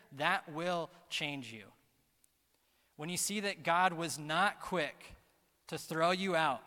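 A young adult man preaching a sermon in a church, casual and energetic, dropping to a hushed tone for the reflective parts. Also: fairly high pitch. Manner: energetic, casual slang, swings from loud emphasis to soft hushed delivery. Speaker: pastor. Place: church auditorium. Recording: long hall reverb.

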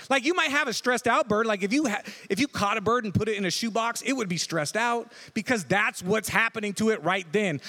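A pastor with a notably high voice gives a relaxed, conversational sermon, often tagging his points with a quick "right?". His voice rings out with a long reverb tail, as if heard across a large hall. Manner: casual, checks in with frequent "right?".

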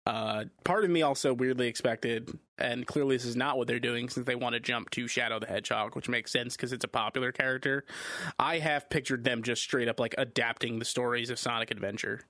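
A man's voice: mid-range voice, fairly even intonation, brisk, pushed and bright, no room sound. A man co-hosting a podcast, chatting casually with a wry, dry sense of humor. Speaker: podcast co-host. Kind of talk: casual chat.

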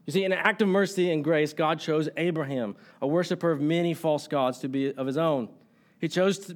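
A man preaching a sermon in earnest, often asking the congregation "right?" and slowing down to stress quoted lines. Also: on the high side. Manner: stumbling restarts, slows to stress quotes.

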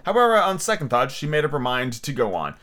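A man's voice: medium pitch, big pitch swings, quick pace, fairly bright tone. A man hosting a podcast, reading a storybook aloud with chatty, easygoing asides. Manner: chatty, self-correcting, easygoing. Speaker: podcast host and audiobook reader. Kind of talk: casual read-aloud with asides.

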